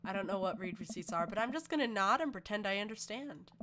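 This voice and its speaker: A woman reading as a gentle caring dad. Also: medium pitch, lively intonation, quick pace, a little hiss or hum, lightly acted. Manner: soft earnest advice-giving.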